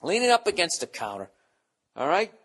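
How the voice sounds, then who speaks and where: A man's voice: a little high, wildly swooping pitch, normal speed, fairly bright tone. A middle-aged man hosting a podcast, with a Boston accent, ranting in a profane, sarcastic, comedic monologue. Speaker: podcast host.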